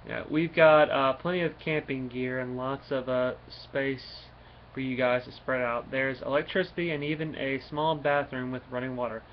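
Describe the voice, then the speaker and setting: A man's voice: medium pitch, steady tone, moderate pace, natural voice. A man reading as a young apologetic hostess. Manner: plain read-aloud delivery. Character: young woman hosting friends, apologetic. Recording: dull lo-fi recording, faint noise.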